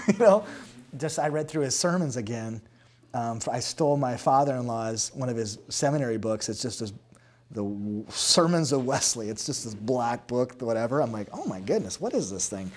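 Candid storytelling man, mid pitch. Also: moderate pace. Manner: animated storytelling, acts out dialogue. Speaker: pastor. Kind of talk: candid interview answer.

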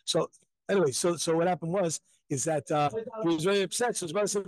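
A man's voice: sits high, fast talker, no echo, poor audio. A man from Jerusalem telling a story live as a rabbi, acting out the voices of the people in it. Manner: animated, acts out voices in stories.

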